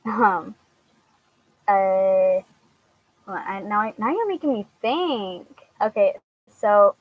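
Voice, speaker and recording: A young woman chats casually with her viewers, stopping often with fillers. She laughs easily and talks in a relaxed, everyday voice of middling pitch. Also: slow pace, pauses often, poor audio. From Washington, US. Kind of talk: casual chat answering viewers.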